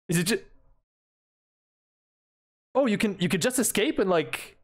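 A young man giving excited, swearing commentary on his own gameplay, talking to himself and taunting enemies. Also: high-pitched, normal speed, pauses often. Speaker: gaming streamer.

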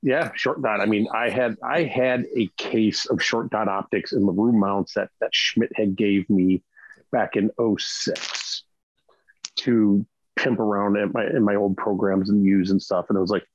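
A man's voice: fairly low pitch, fairly even intonation, unhurried, no echo, muffled recording. A man on a podcast panel chatting casually and emphatically, often checking in with "right?". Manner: emphatic, keeps asking "right?".

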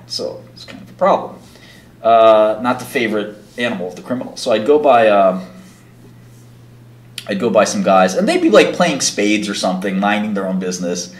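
A man hosting a casual livestream, rambling through stories with lots of filler words. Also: fairly low pitch. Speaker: livestream host. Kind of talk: casual storytelling chat. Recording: echoey room.

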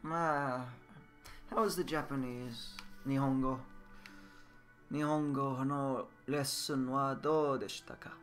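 A man teaching Japanese words slowly and repeating each one for learners over a game video. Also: mid-range voice, fairly even intonation, a bit bright, soft background music. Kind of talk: casual game-based lesson.

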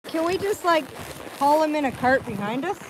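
High-voiced woman chatting on horseback. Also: lively intonation, normal speed, noisy background. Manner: chatty, coaxing a dog in a sing-song voice. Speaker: vlogger streaming live. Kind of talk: casual live-stream chat. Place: outdoors on horseback on a trail.

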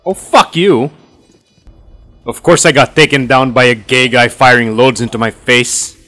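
A man's voice: mid-range voice, measured pace, bright, forceful tone, faint music behind. A young man in casual, crude gaming chat with friends, joking around. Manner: crude, joking, puts on silly voices. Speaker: gamer.

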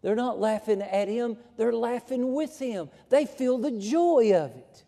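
A man's voice: extremely high pitch, lively intonation, measured pace, gravelly, warm tone, big-room sound. A man preaching a sermon in a folksy, emphatic way, building to fervent passages. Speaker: pastor. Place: church sanctuary.

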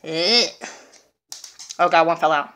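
Bright-voiced, profane young woman vlogger. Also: low-pitched, slow pace, a little hiss or hum. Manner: loud, profane, rambling, bursts into yells. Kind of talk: chaotic comedic vlog.

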